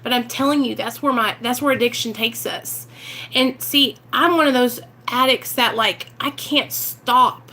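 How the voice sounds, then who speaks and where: Sitting in a car, an Arkansas recovery vlogger with a Southern accent has a heartfelt, casual talk with her viewers about overcoming addiction. Her slightly high voice sounds pushed and bright, and she takes her time. Earnest and emotional, she sometimes seems close to tears.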